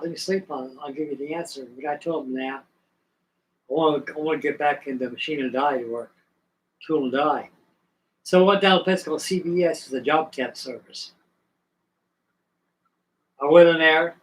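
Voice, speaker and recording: An older man tells stories in a loose, meandering way, full of folksy asides. His voice sits a touch higher than most men's. He is from the American South and is in no hurry. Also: rough recording. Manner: folksy, rambling, drawn-out reminiscing. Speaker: livestream host. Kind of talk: rambling storytelling chat.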